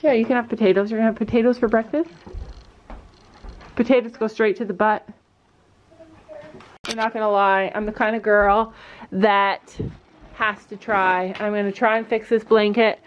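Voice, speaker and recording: A middle-aged woman chatting casually to camera in a family vlog, thinking out loud and turning bossy when she sets rules. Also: mid-range voice, flat delivery, normal speed, pauses often. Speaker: family vlogger. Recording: dull lo-fi camera audio with faint noise.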